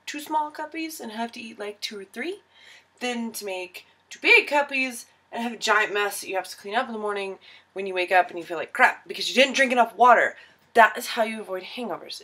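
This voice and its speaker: A woman's voice: fairly high pitch, a bit bright, breathy edge. Tipsy, giggly young woman baking at home. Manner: giggly, rambling and self-mocking. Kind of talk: tipsy casual baking tutorial. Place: home kitchen.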